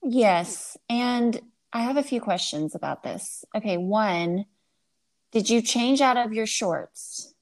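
A woman's voice: a little high, lively intonation, slow. Woman, forties, podcast co-host, playful, teasing, casual chat. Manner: playful, teasing, does silly voices.

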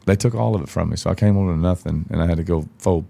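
A man's voice: deep voice, quick pace, vocal fry, mellow. A man, a podcast guest telling stories in a blunt, profane, casual way. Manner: profane, blunt, acts out quoted dialogue. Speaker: podcast guest, country singer. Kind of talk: casual storytelling chat.

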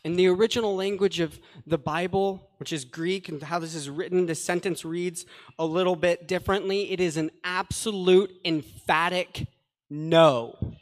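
A man's voice: high-pitched, steady tone, moderate pace. A man preaching a sermon, earnest and conversational, adding plain paraphrases and asides to the scripture he reads. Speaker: pastor. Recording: long hall reverb.

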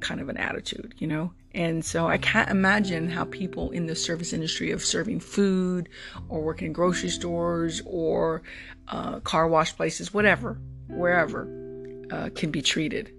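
A rideshare driver shares a casual, reflective monologue, circling back on words as the thoughts come. The voice has a gravelly, creaky edge and sits in a middle pitch. Plucked guitar music plays clearly underneath. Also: fairly even intonation, moderate pace. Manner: thoughtful, repeats words while searching for them.

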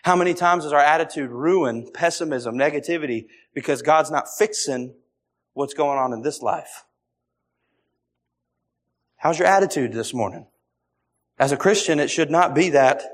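A man's voice: a little high, a little slow, long pauses. A man preaching a sermon, repeating phrases and briefly acting out the voices of others.

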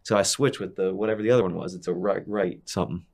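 Deep-voiced laid-back young man. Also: steady tone, quick pace, gravelly, a little mellow. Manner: rambling, laid-back storytelling with many fillers. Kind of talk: casual chat.

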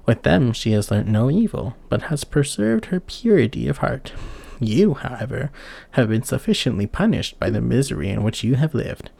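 A man voicing a stern old wise woman in a fairy tale, speaking slowly in a measured, archaic way. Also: mid-range voice, sing-song, creaky, dark tone, exaggerated voice. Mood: kindly.

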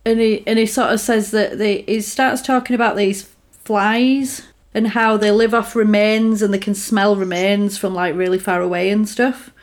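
A woman's voice: medium pitch, normal speed. A young woman, casually retelling a film's plot as co-host and acting out the characters. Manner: lively storyteller, acts out characters, swears casually. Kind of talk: casual film recap chat.

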